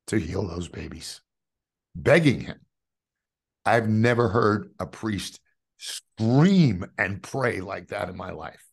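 A man, telling a personal faith story as a guest, jumping from loud outbursts to hushed asides. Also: on the low side, gravelly, husky. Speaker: guest giving a faith testimony. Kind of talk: animated storytelling.

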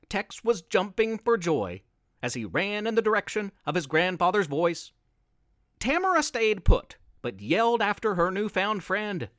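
Male narrator, expressive storybook reading, high lively pitch, dry close mic. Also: moderate pace, no room sound.

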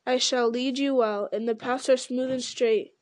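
A grave male elf sentry, as a woman reads him aloud, speaking in a stern, measured way. The voice sits fairly high and sounds close and dry, with no room around it. It has the even pace of a storybook reading. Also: no room sound, close to an everyday voice.

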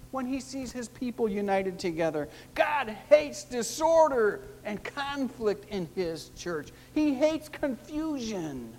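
A pastor preaching a sermon, emphatic and repetitive, with wide swings in pitch and loudness. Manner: emphatic, repeats key phrases, big swings in pitch and loudness. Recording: long hall reverb with faint noise.

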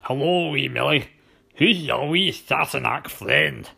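A man's voice: medium pitch, a little slow, creaky, bright, forceful tone, slightly rough, voice pushed up, heavily acted. A man voicing a huge, surly middle-aged lighthouse keeper with a growling Scottish accent in a storybook reading. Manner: curt, hostile, grumbling. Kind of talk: storybook narration.

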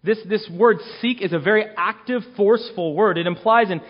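A man's voice: sits high, a little fast, muffled recording. A man in his thirties preaching a sermon as a guest preacher, earnest and emphatic, often repeating words as he presses a point.

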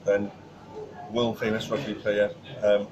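A man's voice: on the low side, completely flat delivery, measured pace, dull audio, background noise. A man, a podcast guest, telling stories in a chatty way with lots of fillers and restarts. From Wales. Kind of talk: casual chat. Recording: crowd chatter behind.

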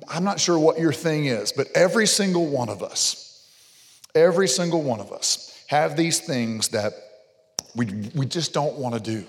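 A middle-aged man, a pastor, telling a family story in a sermon with animated, joking delivery. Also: a little high, normal speed. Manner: animated joking storyteller, gets loud on punchlines. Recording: long reverb of a large hall.

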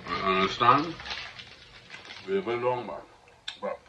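Speaking slowly in a lowish voice, a Trinidadian man hosts his own podcast with a motivational monologue. He preaches and repeats himself, frequently asking "you understand?", over a dull lo-fi recording with faint noise.

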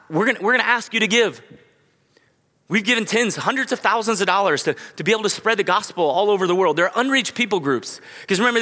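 Pastor, man, fast and punchy delivery, slightly high voice, echoing sanctuary. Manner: energetic, conversational, acts out quotes. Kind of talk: sermon. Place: church sanctuary.

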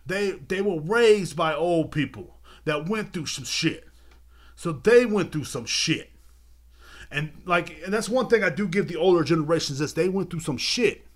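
Young guy ranting on his podcast, cussing nonstop, kinda high voice, keeps saying the same thing over. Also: lively intonation, measured pace. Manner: heated, swearing, repeats himself. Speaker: podcast host. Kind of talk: profane rant. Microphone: video podcast mic.

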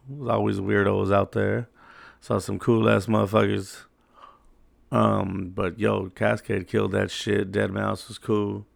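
Gravelly low-voiced man, laid-back slangy storyteller. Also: no echo. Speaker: host. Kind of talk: casual storytelling monologue.

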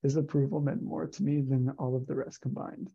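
A man co-hosting a livestream, reading a story aloud in a low-key, gravelly way and chatting casually. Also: flat delivery, a little fast, warm tone, lo-fi sound.

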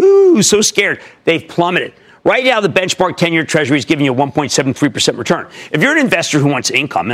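A male TV market show host giving emphatic, punchy market commentary that swings between loud bursts and low mutters.

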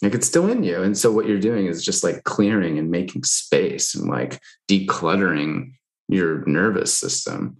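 A man's voice: low voice, big pitch swings, moderate pace, creaky. A man talking candidly in casual conversation, loose and frank, with lots of fillers and the odd swear.

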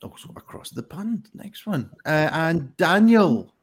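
A man's voice: a little high, sing-song, measured pace, husky. A man hosting a live-streamed pun contest in a chatty, rambling way, with lots of ums, over a video call. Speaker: game show host.

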